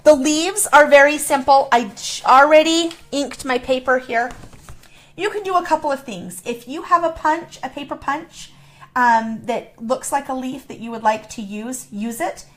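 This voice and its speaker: A woman's voice: high voice, moderate pace, fairly bright tone. A middle-aged woman demonstrating a craft in a chatty, playful way, explaining each step. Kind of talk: casual craft tutorial.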